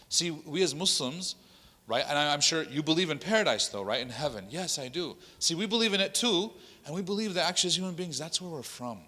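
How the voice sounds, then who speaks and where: A man's voice: on the high side, expressive, a little fast, pushed and bright. A man, an imam, telling a story in a workshop talk and acting out the dialogue as he goes. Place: mosque hall. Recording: long hall reverb.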